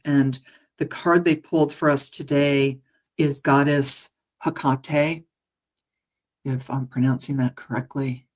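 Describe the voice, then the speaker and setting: A woman with a low, deep speaking voice talks her listeners through what a healing meditation will involve. She is gentle and chatty, restarting her sentences and laughing softly, and comes across as earnest and easily moved. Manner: emotional, earnest. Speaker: meditation guide and healer. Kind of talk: casual spoken introduction to a guided meditation.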